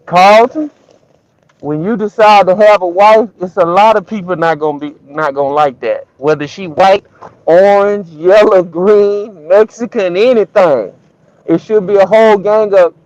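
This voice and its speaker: A man from Alabama calls in to a talk show, his voice high and set close in a dry space. The phone-in audio sounds dull and muffled. He talks emphatically and keeps asking rhetorical questions. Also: darkish tone, no room sound. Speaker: caller. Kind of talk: call-in show chat.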